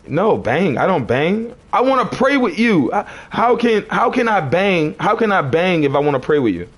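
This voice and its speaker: A man's voice: sits high, very animated, moderate pace. A man on a livestream, arguing with chat commenters in a preachy, confrontational way and repeating his phrases.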